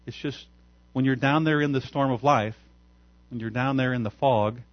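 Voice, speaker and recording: A man pastor preaching a sermon, telling a story in an animated way and chuckling often. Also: medium pitch, moderate pace, no echo, dull audio.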